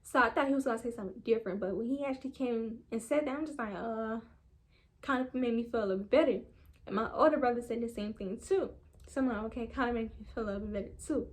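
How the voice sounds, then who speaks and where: A young woman tells a storytime in a loose, rambling way. She slips into quoted voices as she goes, and her voice sits a little higher than most. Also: fast. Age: young adult. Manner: chatty, rambling, animated retelling with quoted voices. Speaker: vlogger. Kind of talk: casual storytime.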